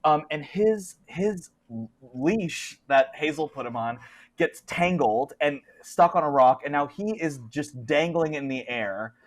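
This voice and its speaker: A man's voice: fairly high pitch, lively intonation, measured pace. A man running a tabletop horror game as game master, narrating the scene in a chatty way with lots of fillers.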